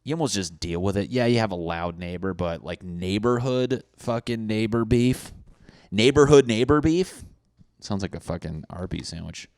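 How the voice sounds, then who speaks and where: Low-voiced man ranting on a podcast. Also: normal speed, hardly any pauses, no echo, clean studio sound. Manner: profane, riffing, acts out neighbors in loud mock voices. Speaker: podcast host. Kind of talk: solo comedic podcast rant.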